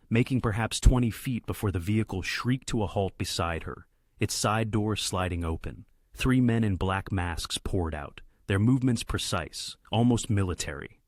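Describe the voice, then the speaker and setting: A man reading a dramatic story aloud in a steady narration. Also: fairly low pitch, no echo, studio quality.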